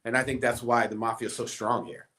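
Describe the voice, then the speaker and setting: A man's voice: mid-range voice, flat delivery, fast talker, bright, forceful tone. A man casually recounting a story, acting out quoted dialogue as he goes. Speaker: guest.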